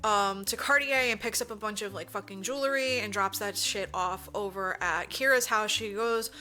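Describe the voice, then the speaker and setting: A woman co-hosting a podcast, casually recapping a film plot with lots of swearing and animated storytelling. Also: mid-range voice, normal speed, faint music behind. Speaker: podcast co-host.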